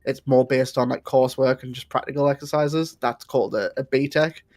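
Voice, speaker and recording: A man's voice: medium pitch, fairly even intonation, brisk, a little mellow. A man with a northern English accent chats casually as co-host. He is blunt and swears freely. His voice sits in the middle range for a man. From northern England. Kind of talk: casual chat.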